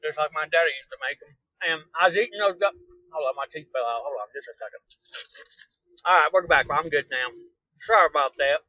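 A man's voice: on the high side, fairly quick, sharp tone, low-quality recording. A man with a rural Kansas drawl doing a crude, rambling comedic hillbilly tour-guide act while driving on a live stream. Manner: rambling, crude, mock-folksy joking. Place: inside a car while driving.

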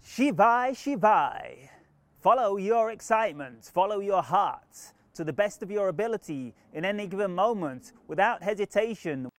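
A benevolent alien collective , channeled by a man, speaks as "we" in earnest, formal phrasing. The voice is high for a man and sounds dry and close, with no room around it. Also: animated, moderate pace, no room sound. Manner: earnest, formal new-age pronouncements. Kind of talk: channeling session.

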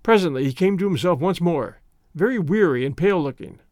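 Expressive male audiobook narrator. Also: a little high, dry recording, clean studio sound. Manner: measured, expressive storytelling. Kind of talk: audiobook reading of a classic story.

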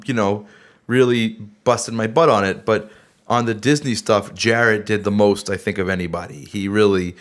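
A man hosting a podcast in casual, relaxed chat with many fillers. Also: on the low side. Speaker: podcast host.

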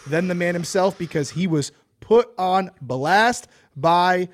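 A man's voice: high-pitched, slow pace, slight background noise. Easygoing male podcast host. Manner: easygoing, laughs often, filler-heavy. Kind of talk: casual podcast chat.

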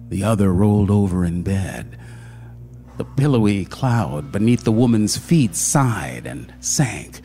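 A man narrating a literary short story in a hushed, dramatic manner. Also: on the low side, animated, takes it slowly, soft background music.

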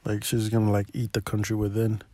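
A man's voice: lowish voice, monotone, brisk, dark tone. A young adult man, a DJ co-hosting a podcast, chatting casually, giving blunt, gloomy takes and laughing easily. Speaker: DJ and podcast co-host.

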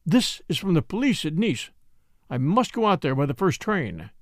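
A man voicing a gruff, commanding middle-aged millionaire father in an audiobook, talking bluntly and curtly. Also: a little high, big pitch swings, moderate pace, dry recording, studio quality. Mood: curt, urgent.

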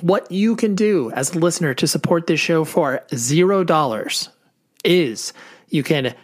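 A man's voice: fairly high pitch, lively intonation, unhurried. A man hosting a podcast, giving a chatty, upbeat introduction and repeating words for emphasis. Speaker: podcast host.

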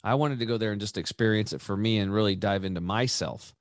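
A man's voice: fairly low pitch, quick pace, no room sound, clean studio sound. Chatty, rambling male podcast host. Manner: rambling, animated, repeats and restarts, says "dude" and "right". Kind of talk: casual storytelling in conversation.

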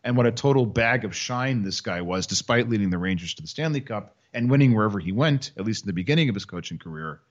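A man's voice: on the low side, expressive, quick pace, hardly any pauses, muffled recording. A man co-hosting a casual sports podcast, joking and rambling, also reading a sponsor ad. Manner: joking, rambling, self-mocking. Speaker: podcast co-host and teacher.

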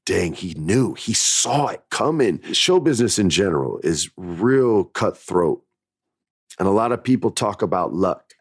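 Podcast host, male, low voice, dry close sound, candid and emphatic storyteller. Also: dry recording.

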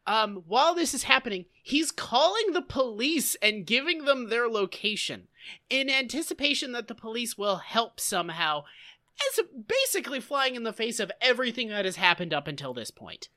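A woman co-hosting a casual podcast, recapping a story with sarcastic, profane, animated chat. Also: fairly high pitch, moderate pace. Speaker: podcast co-host.

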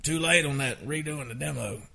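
A man's voice: fairly high pitch, normal speed, vocal fry, sharp tone, voice pushed up. A man doing an impression of a jovial male studio producer, easygoing and full of enthusiastic praise. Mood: casual.

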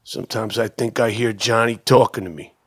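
A man putting on a bitter, traumatized war veteran, lurching from muttering to shouting. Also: on the low side, steady tone, brisk, slightly rough, voice pushed down. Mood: anguished ranting. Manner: erratic swings from mutter to shouting.

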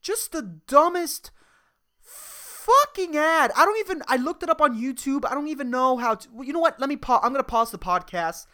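A man's voice: very high-pitched, animated, fast talker, hardly any pauses, pushed and bright. A young adult man hosting a casual solo podcast, ranting with lots of swearing and laughing at himself. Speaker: podcast host and comedian.

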